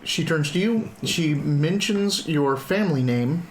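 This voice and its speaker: A man's voice: on the high side, expressive, measured pace, a little hiss or hum. A man acting as game master, narrating the game in a casual, rambling way with lots of fillers. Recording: echoey room.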